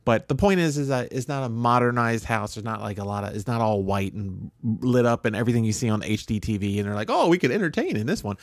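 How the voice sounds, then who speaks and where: A man's voice: fairly low pitch, fast talker, few pauses, no room sound, clean studio sound. Blunt, rambling man in casual chat. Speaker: podcast co-host.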